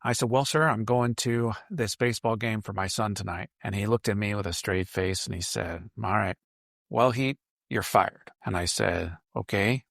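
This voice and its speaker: A middle-aged man with a lowish voice tells a story on his own podcast. He talks in a loose, conversational way, pausing on fillers and correcting himself. The sound is close and dry. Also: vocal fry, dry recording. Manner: relaxed, conversational, with frequent fillers and self-corrections. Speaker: podcast host. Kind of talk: casual storytelling monologue.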